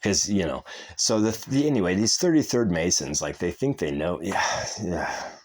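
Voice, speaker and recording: A man's voice: low-pitched, lively intonation, moderate pace. A man hosting a podcast, talking in a casual, rambling way, full of swearing and tangents. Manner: rambling, profane, laughs mid-sentence. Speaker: podcast host.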